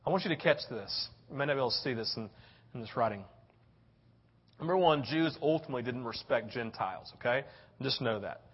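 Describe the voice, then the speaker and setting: A man preaching a sermon, telling a personal story with lively swings from excited and loud to low and quiet. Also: brisk, slightly rough. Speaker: pastor. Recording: dull lo-fi audio.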